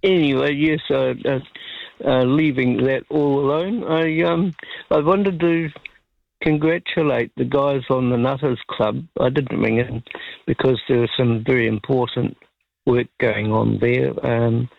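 A man calling in to a radio show, speaking in a polite, halting way with many fillers. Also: mid-range voice, fairly even intonation, gravelly, no room sound. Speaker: caller. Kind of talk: phone-in conversation. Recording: tinny phone line.

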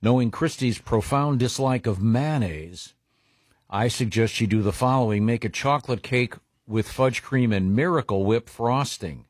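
A man's voice: medium pitch, moderate pace, dry recording. A man co-hosting a radio show, reading listener mail with wry, dry asides. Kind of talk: casual radio banter. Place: radio studio. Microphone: studio mic.

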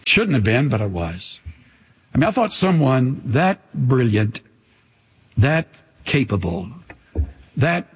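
A man preaching a sermon, earnest and unhurried, pausing often and dropping his voice almost to a whisper to make a point. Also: medium pitch, husky. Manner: earnest, pauses often, drops to near-whispers for emphasis. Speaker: pastor. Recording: long hall reverb.

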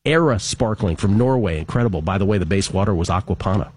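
A man's voice: sits low, animated, fast, a little mellow, breathy edge, dry recording. A man hosting a sports talk radio show, chatting casually and reading out listener messages with wry asides.

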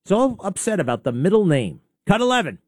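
A man's voice: high voice, big pitch swings, fast talker, a little mellow, dry recording, studio quality. A man hosting a talk show, rambling through a sarcastic opinionated monologue with many asides and restarts. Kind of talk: opinionated monologue playing clips.

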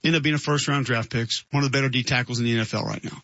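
A man's voice: medium pitch, fairly even intonation, very fast, sharp tone, no echo, muffled recording. A man hosting a sports radio show, giving conversational, opinionated takes. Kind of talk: radio talk show monologue.

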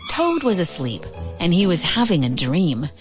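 A woman reading a children's storybook aloud in a gentle, expressive way. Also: lowish voice, normal speed, faint music behind. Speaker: narrator.

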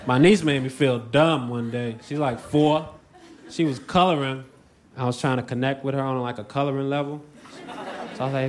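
A man's voice: mid-range voice, fairly even intonation, moderate pace, slight background noise. A man doing a stand-up set, playful and easygoing. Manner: playful, mock-whiny impressions. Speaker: stand-up comedian.

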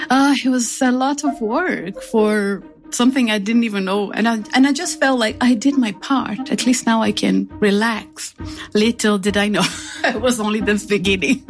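A woman's voice: mid-range voice, brisk, music in the background. A woman who is a guest on a radio interview, speaking in an earnest, reflective way that turns emotional.

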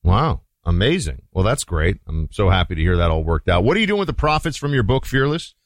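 A man's voice: lowish voice, big pitch swings, fairly quick, creaky, no echo, clean studio sound. A man hosting a radio talk show, interviewing a guest in an upbeat, conversational way.

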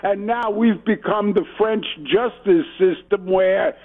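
A man's voice: high voice, slow. A man from New calling in to a talk radio show, ranting indignantly. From New York. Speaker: radio caller. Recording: tinny phone line.

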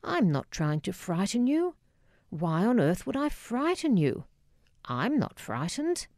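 A man's voice: high voice, wildly swooping pitch, slow, a little mellow, no room sound, full character voice. A woman voicing an elderly, ailing father with a Polish-Scottish accent, who curtly brushes off his family's worry. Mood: defensive. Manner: evasive, curt, brushing off worry.

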